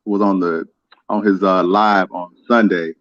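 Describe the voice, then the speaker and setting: A man with a fairly low voice talks casually as a guest. He sounds relaxed and hesitant, and his audio is dull and muffled but dry. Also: unhurried, no echo. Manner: relaxed, hesitant, with many fillers. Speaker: guest musician. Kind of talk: casual live-stream chat.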